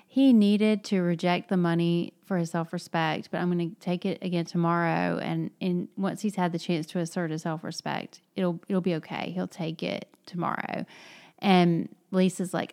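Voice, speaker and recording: A woman in a casual book discussion, retelling scenes in a lively, chatty way. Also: fairly low pitch, normal speed.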